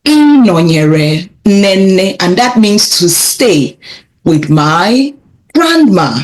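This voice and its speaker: Woman, very slow, mid pitch, patient teacher repeating words for kids. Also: very animated. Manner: repeats phrases slowly, encouraging, laughs lightly. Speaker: children's language teacher. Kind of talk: slow, clear vocabulary lesson for kids.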